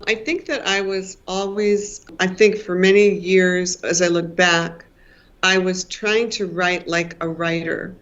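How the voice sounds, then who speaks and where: A woman's voice: lowish voice, steady tone, slow pace, a bit bright. A woman in her sixties, a novelist answering interview questions thoughtfully, often repeating words as she searches for what to say. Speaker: novelist guest. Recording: dull lo-fi remote audio.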